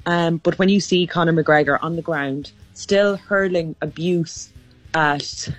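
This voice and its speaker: A woman's voice: fairly low pitch, fairly even intonation, a little slow. A woman giving emphatic, opinionated views as a sports panelist. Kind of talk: casual sports chat.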